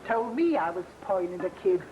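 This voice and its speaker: An actress playing a chatty, kindly household servant who talks in a homely, colloquial way, in an old television drama. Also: female voice, lowish voice, expressive, normal speed, close to an everyday voice. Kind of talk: 1960 television drama acting. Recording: dull, hissy old television sound.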